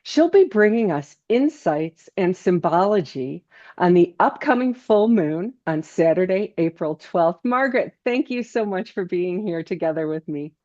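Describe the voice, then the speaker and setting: A woman's voice: lowish voice, lively intonation, unhurried, dark tone, dull audio. A woman hosting a spiritual show, graciously welcoming and introducing her guest. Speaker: host.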